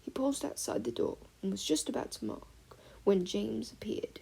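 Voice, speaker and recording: A woman reading a fan-fiction audiobook aloud, expressive storytelling with soft breathy passages. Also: medium pitch, unhurried, rough recording. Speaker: audiobook reader.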